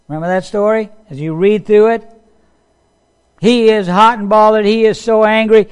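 A man's voice: high voice, steady tone, normal speed, darkish tone, clean tone. A man preaching a sermon, talking casually to his listeners, acting out quotes and asking them questions. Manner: conversational, acts out quotes, asks the audience.

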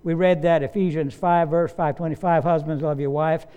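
Pastor, male, fairly high smooth voice, chatty sermon delivery with asides. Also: steady tone, normal speed, narrow, tinny audio. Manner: conversational preaching with asides and occasional coughs. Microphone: slides and study sheet, speaking to a congregation.

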